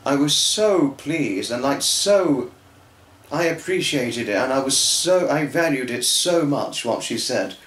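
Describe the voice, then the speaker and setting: A man's voice: medium pitch, fairly bright tone, roomy sound, rough recording. A young man talking earnestly and tearfully in a rambling personal vlog, with many restarts. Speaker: fan vlogger.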